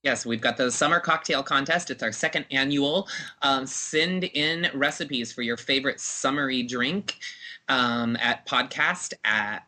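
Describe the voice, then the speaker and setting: A man's voice: mid-range voice, unhurried, bright, forceful tone. A man co-hosting a casual podcast, chatting playfully with lots of fillers. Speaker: podcast co-host.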